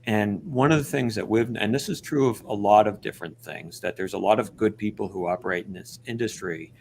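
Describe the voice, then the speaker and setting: Earnest, reflective man, slightly low voice. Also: a little fast, creaky, darkish tone, a little hiss or hum. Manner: earnest, reflective, with frequent restarts. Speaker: guest. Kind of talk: earnest panel discussion.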